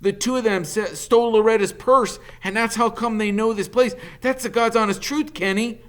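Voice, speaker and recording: A man voicing a nervous male accomplice who stammers and rushes his words. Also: lightly acted. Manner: stammering, fast and high.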